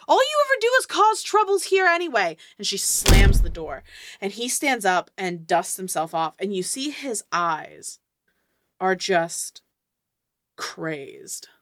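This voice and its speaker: A woman narrating as game master of a tabletop game, telling the scene in a lively, descriptive way. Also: fairly low pitch, no room sound, clean studio sound.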